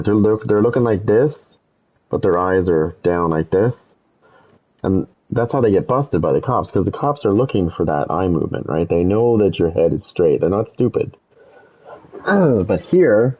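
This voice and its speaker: A gaming streamer with a low-pitched voice tells a rambling, casual story to his viewers while playing a game. He swears freely and gets animated when quoting himself. The audio is dull.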